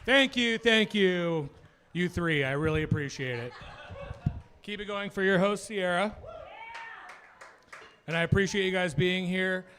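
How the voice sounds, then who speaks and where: A man's voice: sits high, a little slow, long pauses, sharp tone, slight background noise. A man opening his stand-up set in a small club, teasing the host and other comics in a dry way and laughing through his lines. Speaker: stand-up comedian. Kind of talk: stand-up crowd work. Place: small comedy club with a live audience.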